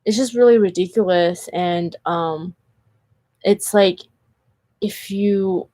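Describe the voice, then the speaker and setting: Brief: woman, candid chatty vlogger, mid-pitched, dry close sound, filler-heavy storytelling. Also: takes it slowly, dark tone, no room sound. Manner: earnest and candid. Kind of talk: casual storytelling vlog.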